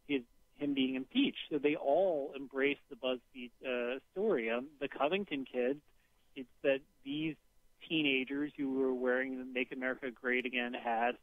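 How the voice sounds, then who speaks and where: A man calls in as a guest commentator on a political talk radio show, and his voice comes through a tinny, narrow phone line. He explains his points in a measured way, often restarting his phrases. The line sounds dry. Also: medium pitch, no echo.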